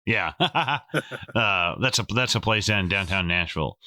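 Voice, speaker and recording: Joking, foul-mouthed man with a low, bright voice. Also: animated, unhurried, no room sound, clean studio sound. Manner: joking and profane, with incredulous rants. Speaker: podcast co-host. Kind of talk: casual film-review chat.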